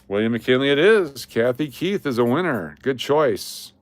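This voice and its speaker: With lively intonation and a moderate pace, a man speaks in a medium pitch, with no echo. He hosts a casual live stream with coin giveaways, chatty and repetitive, calling viewers out by name as prizes go out.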